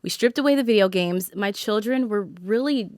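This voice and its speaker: A woman co-hosting a podcast, a mother sharing a family story in a candid, animated, casual way with frequent laughter. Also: medium pitch, brisk, no echo, studio quality. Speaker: podcast co-host; mother of several children.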